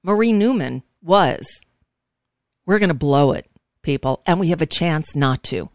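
A woman's voice: sits low, lively intonation, unhurried, dry recording, studio quality. A woman hosting a political talk show, emphatic and outspoken, cursing freely and sounding frazzled and worn out. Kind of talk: political talk radio, casual and heated.

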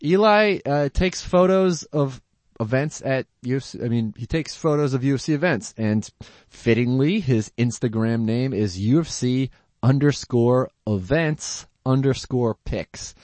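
Man, podcast co-host, lively up-and-down pitch, rambling chatty delivery, dry close sound. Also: unhurried, no room sound. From Boston area. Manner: animated, rambling, laughs often. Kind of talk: casual podcast chat.

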